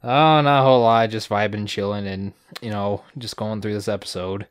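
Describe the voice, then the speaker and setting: A man's voice: on the low side, fairly even intonation, normal speed, clean tone, dry recording, studio quality. A man co-hosting a casual podcast, talking in a laid-back, rambling way and laughing easily. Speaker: podcast co-host. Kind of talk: casual chat.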